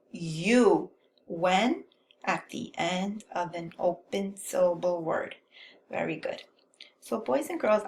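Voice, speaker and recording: A woman teaching a first grade phonics lesson, speaking clearly in a sing-song teacherly way and prompting young children to repeat after her. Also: medium pitch, slight background noise.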